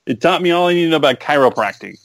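A man's voice: fairly high pitch, animated, rapid-fire, fairly bright tone, no room sound. Man, casual chat, sarcastic jokes, dry close sound. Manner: joking, sarcastic asides.

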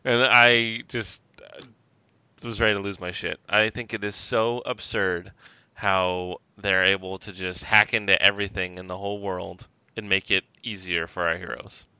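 A man co-hosting a casual chat, ranting and swearing with animated laughs, on a dry, slightly dull recording. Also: sits low, normal speed, smooth, dry recording.

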